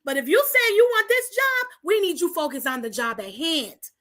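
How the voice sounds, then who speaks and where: Woman host from Paterson, New Jersey, impassioned preacher-style address to the community, bright and sharp voice. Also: extremely high pitch, expressive, normal speed. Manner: preachy call-and-response, rallying the audience; talks straight to the viewers, repeating lines for emphasis. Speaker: host of a community talk show.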